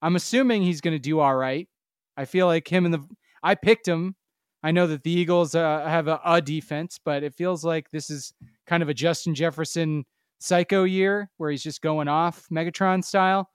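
A man's voice: on the high side, moderate pace, smooth, no room sound, studio quality. A man co-hosting a casual sports podcast, emphatic and mocking, swearing freely. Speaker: podcast co-host.

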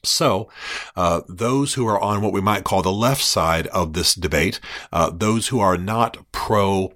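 A man with a low, deep voice hosts a podcast and lays out a subject in a measured spoken monologue. He pauses often with fillers and restarts his sentences, and he slows down deliberately when quoting a text. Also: fairly bright tone. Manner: measured, slows down to quote texts. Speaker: podcast host.

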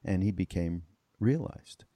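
A man hosts a podcast interview, speaking in a halting way and often restarting his sentences. His voice sits very low. The sound is dry and close, with no room echo. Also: animated, warm tone. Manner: halting, many fillers and restarts. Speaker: podcast host. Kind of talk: interview conversation.

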